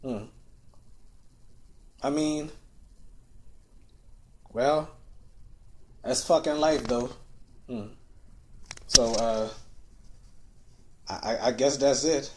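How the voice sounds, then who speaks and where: A man, upset and near tears, talking through a rambling livestream monologue, stammering and repeating words and closing phrases with a soft, trailing "you know?". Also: medium pitch, fairly even intonation, extremely slow, long pauses, a little hiss or hum.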